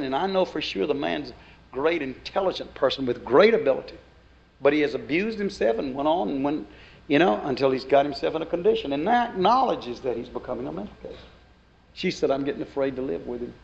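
A man preaches in a folksy, homespun way, his voice sitting a little high for a man. He swings from plain storytelling into loud, emphatic outbursts. The recording is dull and lo-fi. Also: creaky. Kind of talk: sermon.

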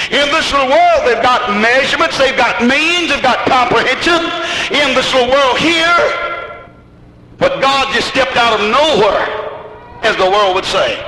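A man preaching a sermon in a very high voice, climbing into shouted peaks and then dropping low. His plain country grammar and rhetorical questions carry through a long, booming hall reverb. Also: lively intonation, measured pace. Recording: echoey hall with noise.

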